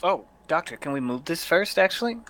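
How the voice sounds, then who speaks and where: A man as a player, speaking in character in a careful, measured way. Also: on the high side, very animated, fairly bright tone. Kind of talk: in-character tabletop play.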